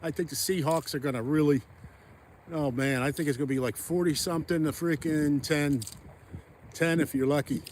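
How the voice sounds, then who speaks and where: A man with a slightly higher voice chats casually as he ice fishes on a frozen pond, thinking out loud and wandering between thoughts. He is recorded outdoors on a phone camera, with a faint hiss of noise behind him. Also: steady tone, moderate pace. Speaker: fishing vlogger. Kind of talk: casual narration while ice fishing.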